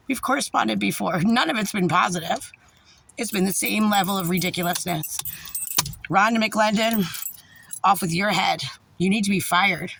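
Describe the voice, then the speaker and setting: Raspy, furious New woman. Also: fairly low pitch, a bit bright. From New Jersey. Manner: angry, profane, fast when passionate. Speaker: parent venting about a social services agency. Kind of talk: profane ranting vlog.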